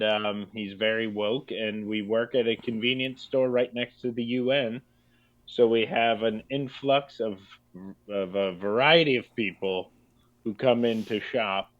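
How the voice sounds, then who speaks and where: A man's voice: lowish voice, no echo, narrow, tinny audio. A middle-aged man co-hosting a casual comedy chat, explaining his projects in an easygoing way. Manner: easygoing storyteller, explaining at length. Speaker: comedy writer and producer co-host.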